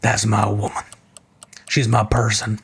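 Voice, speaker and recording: A performer voicing a gruff, territorial male talking dog in a tabletop game, speaking in slangy, possessive lines. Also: mid-range voice, completely flat delivery, measured pace.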